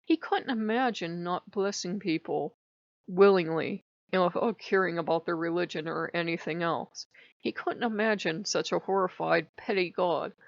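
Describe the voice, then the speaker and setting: A woman's voice: fairly low pitch, normal speed, creaky, no room sound. A stuffed-up woman vlogging casually about her spiritual practice, rambling and chatty. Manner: rambling, chatty, quotes others in little voices. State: stuffed-up nose. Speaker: pagan devotional vlogger. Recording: dull lo-fi dry recording.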